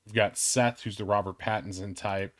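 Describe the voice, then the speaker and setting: A man's voice: on the low side, steady tone, normal speed, no room sound. A man hosting a tabletop game night, chatting casually in a rambling, self-mocking way that often trails off. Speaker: game host.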